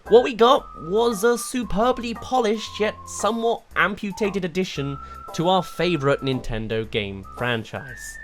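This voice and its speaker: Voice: mid-range voice, animated, unhurried, soft background music. A game reviewer giving a rambling, exasperated video review, full of rhetorical questions.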